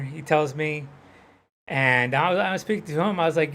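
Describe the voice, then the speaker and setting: A man's voice: fairly high pitch, normal speed, a bit bright. Rambling man chatting on a game stream. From Hawaii. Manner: rambling, with frequent fillers. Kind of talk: casual chat while gaming.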